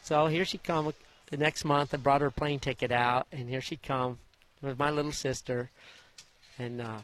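A man, a former jockey, telling stories from his riding career in a folksy, animated way in an interview, acting out the voices of the people in them. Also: medium pitch, moderate pace. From Idaho. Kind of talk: interview storytelling.

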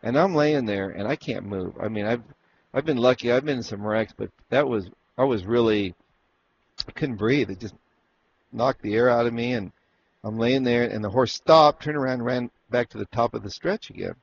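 A man's voice: mid-range voice, moderate pace. A man from Arizona, a former jockey, telling stories from his racing days in a casual interview and acting out what people said. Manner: animated storyteller who acts out what was said. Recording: dull lo-fi recording with faint noise.

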